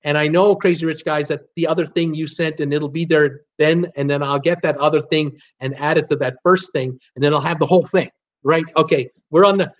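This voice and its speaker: A chatty man hosts a live stream, reading out viewer comments and rambling through his replies with frequent laughs. His voice sits a little high for a man. The sound is dull and lo-fi. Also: steady tone, a little fast. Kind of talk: casual live chat.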